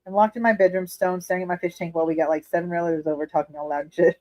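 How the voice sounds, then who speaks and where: She talks at a racing pace in a fairly low voice, and the muffled recording has no room sound. Streaming casually from her living room, she reads the chat aloud, chats candidly with her audience, laughs often and doesn't hold back on swearing.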